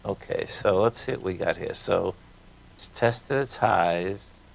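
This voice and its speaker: A man's voice: sits low, takes it slowly, gravelly. A man with a Boston accent hosting a live radio market show, talking casually and folksily as he reads numbers off charts. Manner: casual, folksy, talks while reading charts.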